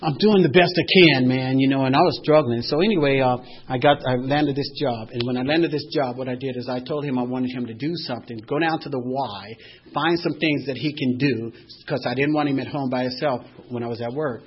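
A man telling a personal story, animated and swinging from loud to hushed. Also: mid-range voice, brisk, slightly rough, muffled recording.

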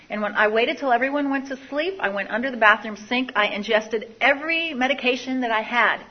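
Speaking to an audience, a woman shares her recovery story in a candid, confessional personal testimony, often repeating phrases. Her voice is fairly high, and the recording's highs are cut off.

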